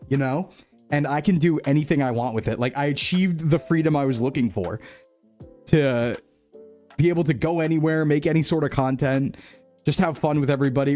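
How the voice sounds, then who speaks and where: A man's voice: fairly high pitch, darkish tone. A young man streaming as a VTuber, chatting reflectively and rambling, repeating phrases and laughing often. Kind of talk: reflective casual stream chat.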